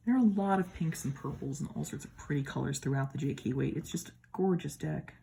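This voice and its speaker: A woman's voice: sits low, fast talker, gravelly, warm tone, slight background noise. A woman from the American Midwest with a Midwestern accent, chatting casually and admiringly as she compares tarot decks at home. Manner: chatty, admiring, with playful asides. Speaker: tarot deck reviewer. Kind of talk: casual deck comparison talk.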